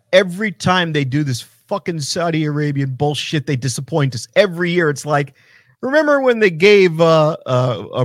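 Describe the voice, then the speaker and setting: Man, high voice, animated profane ranter, casual podcast co-host, dry mic. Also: no room sound. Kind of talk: casual wrestling talk.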